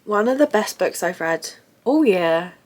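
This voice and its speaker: A young woman vlogging about her reading, sounding sick and rough-voiced, gushing and emotional as she talks to the camera. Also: medium pitch, animated, unhurried. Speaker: book vlogger. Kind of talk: casual reading vlog.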